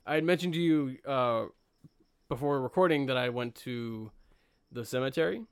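Young male podcast host, relaxed and self-deprecating, clean tone, dry close mic. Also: medium pitch, normal speed, clean tone, dry recording. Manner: laid-back, self-mocking, lots of fillers. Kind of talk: casual podcast chat.

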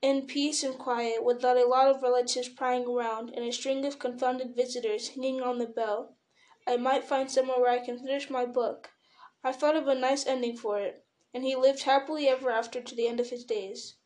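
A fussy, stubborn old hobbit, voiced by a woman reading a book aloud. He sounds fretful and turns sharp and defensive. The voice sits a little high. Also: flat delivery, normal speed, natural voice. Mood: weary. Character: elderly male hobbit, fussy, stubborn, possessive.

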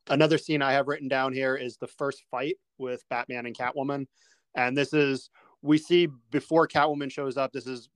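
A man's voice: medium pitch, a bit bright, clean tone, dry recording. A man hosting a casual film discussion, chattily retelling scenes and passing the question to his co-hosts.

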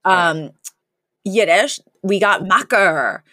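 A woman co-hosting a podcast in a casual chat, chatty and quick to laugh, with lots of "like". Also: medium pitch, pushed and bright, no echo, studio quality. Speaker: podcast co-host.

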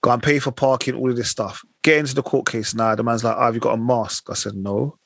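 A young man with a slightly husky voice rattles off a long anecdote at a fast clip, full of slang and quoted exchanges. The sound is close and dry. It is casual podcast chat between friends. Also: mid-range voice, steady tone, a bit bright, dry recording. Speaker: podcast co-host.

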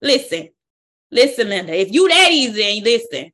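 Woman, Bible study leader, higher pitch, bright voice, exhorting, call and response. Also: very animated, normal speed, pauses often. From United States.

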